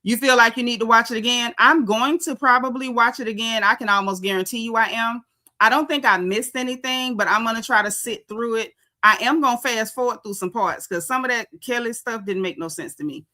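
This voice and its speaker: A woman's voice: on the high side, brisk, sharp tone. A woman hosting a casual live chat, greeting viewers by name in a sassy, chatty way. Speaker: livestream host.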